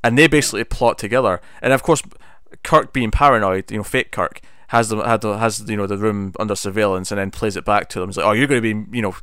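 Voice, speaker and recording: A man's voice: fairly low pitch, fast, a bit bright, clear, resonant tone, dry recording, studio quality. A man co-hosting a casual podcast, reviewing a TV episode and retelling its scenes with bursts of animation. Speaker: podcast co-host.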